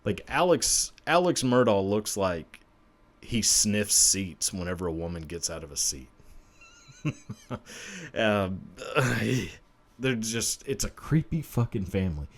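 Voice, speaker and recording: A young man from Texas, hosting a crude, rambling comedy chat that is full of swearing. His voice sits low and moves up and down a lot, and he takes his time. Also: very animated, slow pace. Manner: profane, rambling, laughs at own jokes. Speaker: podcast host.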